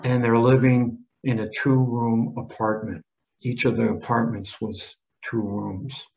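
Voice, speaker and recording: A man's voice: medium pitch, little pitch movement, unhurried, vocal fry, a little mellow, a little hiss or hum, poor audio. A man in his seventies, a history professor, giving an emphatic lecture with slides and frequent restarts. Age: 70s.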